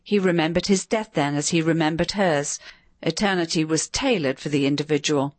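A woman narrating a story in a measured, expressive reading. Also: low voice, no echo. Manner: measured, expressive, varied delivery.

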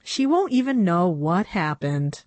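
A woman doing a slow, fussy grandma. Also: lowish voice, sing-song, darkish tone, dry recording. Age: older.

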